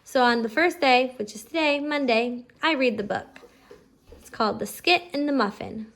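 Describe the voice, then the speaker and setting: A woman homeschooling her child, explaining a phonics lesson and slowly drawing out letter sounds. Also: high-pitched, a bit bright. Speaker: homeschooling parent teaching phonics. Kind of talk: instructional explanation to camera.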